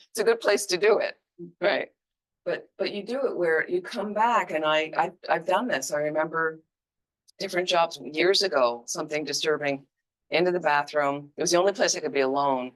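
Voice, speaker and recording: Woman, low voice, Buddhist teacher, informal, emphatic. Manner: conversational, emphatic, lively asides.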